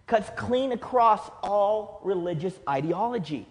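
A man preaching a sermon as pastor, emphatic, slowing down to stress key phrases. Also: sits high, sing-song. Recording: long hall reverb.

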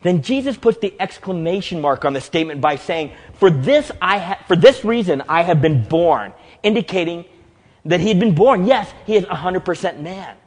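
A man's voice: sits high, animated, normal speed, big-room sound. A man preaching a sermon as pastor, dramatically acting out quoted dialogue with big swings in volume.

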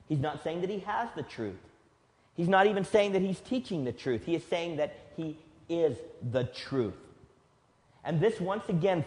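A man preaching a sermon as pastor, emphatic, slowing down to stress key phrases. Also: on the high side. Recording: long hall reverb.

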